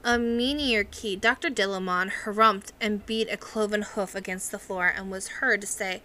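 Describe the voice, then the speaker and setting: A woman reading a novel aloud in steady, measured narration. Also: medium pitch, a little hiss or hum. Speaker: audiobook reader.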